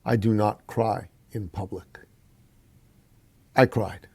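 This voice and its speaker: Telling a personal story slowly as a guest on a podcast, a man with a creaky, breathy-edged voice addresses the listener as "brother." He's an animated storyteller, acting out the voices he quotes with big leaps in pitch, on a dry recording.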